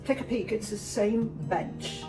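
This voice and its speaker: A woman's voice: fairly high pitch, a little slow, dark tone. A woman vlogger giving casual, sarcastic commentary, scolding and repeating words for emphasis. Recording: roomy sound, distant mic, faint music.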